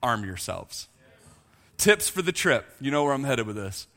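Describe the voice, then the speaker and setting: A man's voice: mid-range voice, a little fast, long reverb tail. A man preaching a sermon, joking with his congregation and talking to them directly. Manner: jokey, animated, talks to the congregation. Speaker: pastor.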